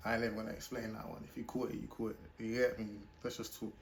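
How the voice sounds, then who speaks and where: A British man hosting a reaction video, chatting casually and pausing a rap track to comment on it. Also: fairly low pitch, little pitch movement, gravelly.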